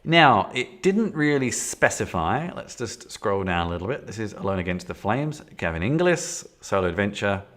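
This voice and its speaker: A man with a fairly low, bright-toned, sing-song voice streams a solo tabletop game from a desktop setup with a camera. At a moderate pace and barely pausing, he chats casually and thinks aloud, rambling with many fillers and restarts.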